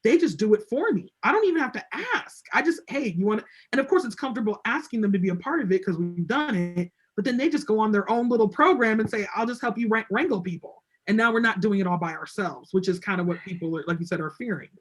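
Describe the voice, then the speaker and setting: A woman at medium pitch tells a story in a relaxed, chatty way, as a guest in an interview. She acts out what other people said to her. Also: fast, few pauses, breathy edge. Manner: chatty, acts out quoted voices. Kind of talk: casual storytelling on a video call.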